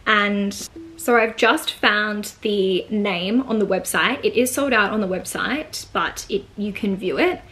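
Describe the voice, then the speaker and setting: Speaking a little slowly in a medium-pitched, fairly bright voice, an Australian woman vlogs a casual unboxing at home. She's effusive and peppers her chatter with likes and ums.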